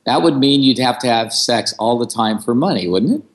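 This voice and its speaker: A man's voice: medium pitch, expressive. A man co-hosting a talk radio show, bantering playfully and cracking jokes with his partner. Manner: joking, playful, quick-witted.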